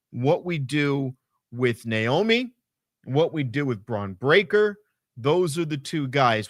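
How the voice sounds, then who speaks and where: Animated, profane man recapping wrestling. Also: fairly high pitch, dry recording, studio quality. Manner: animated, profane, rambling with fillers. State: hot and sweaty. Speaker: podcast co-host. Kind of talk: casual wrestling recap chat.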